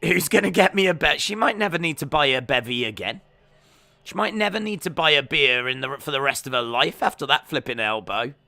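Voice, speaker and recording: A man hosting a live watch-along stream, reacting to fights with excited shouts and exclamations. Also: fairly high pitch, brisk, vocal fry.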